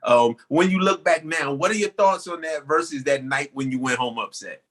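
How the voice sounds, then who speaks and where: A man with a somewhat high voice hosts an interview. He affirms what the guest says and then asks a measured follow-up question. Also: fairly bright tone. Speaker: interview host.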